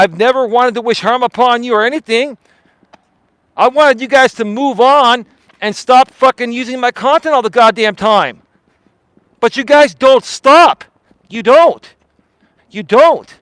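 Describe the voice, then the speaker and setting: High-voiced man ranting in a dry room. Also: no room sound, low-quality recording. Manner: confrontational, profane, emphatic and repetitive; projects his voice loudly for emphasis. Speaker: live stream host. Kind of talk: heated live stream rant.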